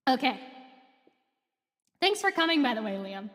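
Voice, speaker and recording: Giggly young woman streamer, very high voice. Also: very animated, normal speed, fairly bright tone, long reverb tail. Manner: playful, giggly asides. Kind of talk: casual live-stream script reading.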